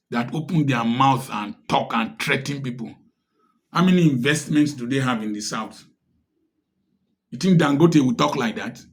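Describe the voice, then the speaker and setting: A man with a Nigerian English accent giving impassioned commentary, firing off rhetorical questions in a preachy tone. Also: medium pitch. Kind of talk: direct-to-camera social commentary.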